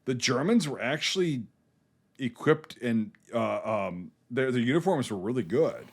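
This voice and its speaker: A man's voice: medium pitch, lively intonation, unhurried. A man co-hosting a war movie podcast, rambling and teasing his friends, swearing freely. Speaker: podcast co-host. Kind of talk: casual profane movie chat.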